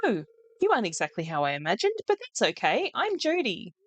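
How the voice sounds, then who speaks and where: A woman's voice: medium pitch, wildly swooping pitch, fairly quick, dull audio, pitched above the performer's own voice. A woman voicing an eager, chirpy young mother from a farming video game. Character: friendly young mother, excitable.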